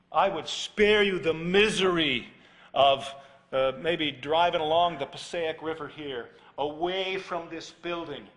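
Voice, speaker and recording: A man preaching a sermon, telling a story with acted dialogue and then dropping to a hushed, earnest plea and prayer. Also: medium pitch. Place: church.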